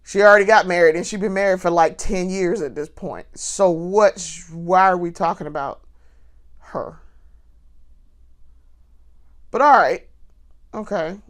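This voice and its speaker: A woman vlogger talking straight to the camera, telling a story in an animated way and laughing often. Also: on the low side. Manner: talks straight to viewers.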